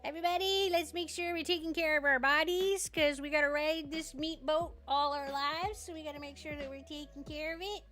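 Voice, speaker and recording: A chatty woman streams from home, talking loosely with her viewers, full of "like"s and quick laughs. Her voice sits a little high and sounds bright and forceful. Faint music plays under her talk. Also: fairly even intonation. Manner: chatty, laughs often, many filler "like"s. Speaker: live streamer. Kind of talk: casual chat with viewers.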